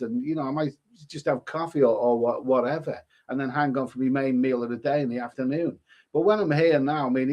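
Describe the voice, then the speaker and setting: His mid-range, darkish voice comes through with the highs cut off as he reads chat comments on a live stream. He chats loosely, stumbling and repeating himself often.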